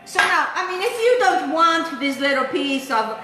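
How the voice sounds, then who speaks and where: A woman's voice: sits high, big pitch swings, normal speed, echoey room, music in the background. An Italian-accented woman hosting a home cooking show, chatty and playful, talking to viewers as she cooks. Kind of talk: casual cooking demonstration. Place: home kitchen.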